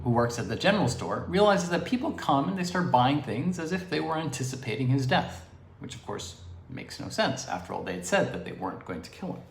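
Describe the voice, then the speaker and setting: A man's voice: fairly high pitch, brisk, gravelly, a little hiss or hum. Guy doing a loose livestream philosophy lecture, lots of asides, echoey makeshift room. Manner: expressive, digressive explaining with asides. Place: improvised home recording studio. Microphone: device camera propped on DVDs.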